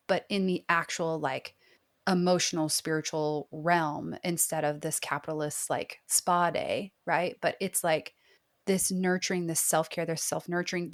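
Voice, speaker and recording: Woman therapist in her thirties, lowish voice, earnest and reflective, loose with fillers. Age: 30s. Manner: earnest, reflective, heavy use of "like". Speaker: therapist guest. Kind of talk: podcast interview.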